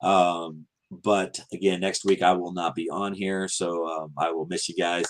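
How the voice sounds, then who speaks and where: Low-voiced man hosting a fan show. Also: little pitch movement, measured pace. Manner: many ums and restarts, earnest. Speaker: podcast host. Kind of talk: casual show sign-off.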